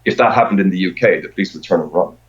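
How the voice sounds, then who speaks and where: A man's voice: deep voice, racing. A middle-aged man chatting as a podcast guest, rambling and often repeating words as he restarts his sentences. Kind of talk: casual conversation. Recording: dull lo-fi sound.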